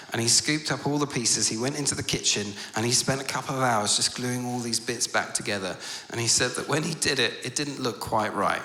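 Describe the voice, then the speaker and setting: A man preaching at a conference, earnest, growing animated as he tells stories. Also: medium pitch. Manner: earnest, turns animated and loud when telling stories. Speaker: conference speaker. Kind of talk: storytelling sermon. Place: large conference hall. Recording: echoey conference hall.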